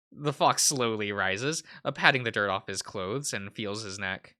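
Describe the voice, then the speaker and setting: A man's voice: lowish voice, moderate pace, hardly any pauses, bright, forceful tone. A man hosting a let's play, reading a visual novel aloud in a casual way with fillers.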